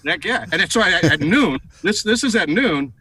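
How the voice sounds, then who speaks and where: A middle-aged man telling a story in a TV interview, animated and full of fillers and repeated words. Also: high voice, normal speed, slightly rough, poor audio. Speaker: guest, advertising executive.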